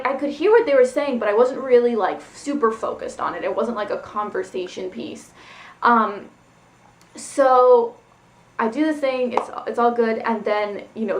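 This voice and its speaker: A woman telling a personal story in a casual vlog, rambling and loose with lots of "like" and "um". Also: fairly high pitch. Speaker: spiritual vlogger. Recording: echoey room.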